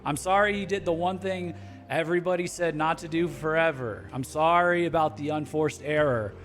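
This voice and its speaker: A man's voice: a little high, normal speed, a bit bright, faint music behind. A man streaming a game and chatting casually, rambling and joking in a mock-blustering way, with many restarts. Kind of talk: casual live-stream commentary.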